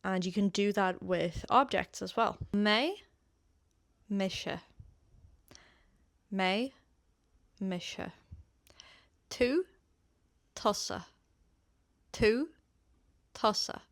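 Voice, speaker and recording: Irish woman, language teacher, patient, drills phrases slowly, dry close sound. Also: mid-range voice, dry recording. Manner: patient, repeats example phrases slowly for learners. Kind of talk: casual online language lesson.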